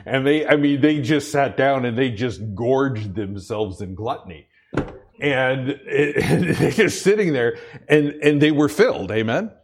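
A man's voice: animated, a little slow, breathy edge. Man preaching with a rambling story. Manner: rambling storyteller, many restarts, rises in pitch when preaching. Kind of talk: sermon with a personal anecdote.

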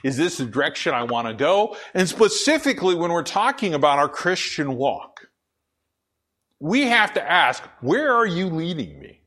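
A middle-aged man with a deep, full radio-style voice, preaching a conversational sermon as pastor with many fillers and restarts. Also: very animated, moderate pace, fairly bright tone.

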